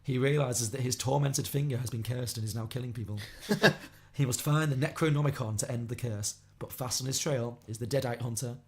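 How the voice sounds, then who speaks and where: A man hosting a casual podcast, chatty and quick, reading out listener suggestions with a laugh here and there. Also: medium pitch, darkish tone, a little hiss or hum. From Liverpool area of England. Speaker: podcast host.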